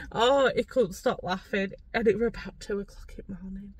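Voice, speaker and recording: A woman's voice: medium pitch, fairly quick, few pauses, slightly rough, no echo. A middle-aged woman, chatting casually to camera from the driver's seat of a parked car and rambling, giggly and a bit sweary. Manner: rambling, giggly and salty-tongued. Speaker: vlogger.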